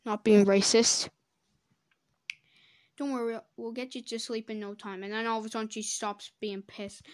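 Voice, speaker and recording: A woman doing comedic reaction commentary, sarcastic and swearing, breaking into loud silly voices. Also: a little high, flat delivery, normal speed. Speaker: commentator reacting to fan drawings.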